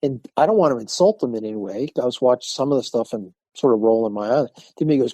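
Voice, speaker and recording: An older man, a martial arts instructor, telling lively stories in a podcast interview and acting out the people he quotes. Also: mid-range voice, fast talker, few pauses, no echo. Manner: animated storyteller acting out quoted voices.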